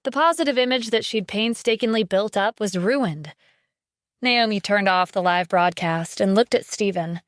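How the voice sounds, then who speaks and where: A woman narrating a scripted audio drama with steady storytelling. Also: mid-range voice, moderate pace, no room sound, studio quality.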